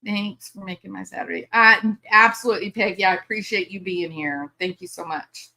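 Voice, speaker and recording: A woman's voice: mid-range voice, fairly quick, vocal fry, sharp tone. A chatty, bubbly older woman, hosting a casual live stream and laughing often. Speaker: livestream host.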